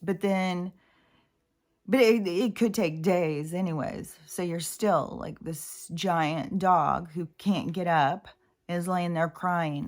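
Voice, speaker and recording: Female vlogger, slightly low pitch; loose, emotional, meandering delivery with fillers and cursing. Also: slow. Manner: rambling and emotional, with many fillers and swearing. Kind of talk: casual spoken monologue.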